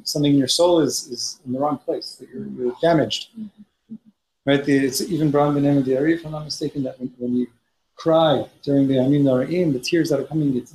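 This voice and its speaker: A man teaching a Torah study class, reading Hebrew passages aloud and explaining them in English with frequent restarts. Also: mid-range voice. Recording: roomy echo, faint noise.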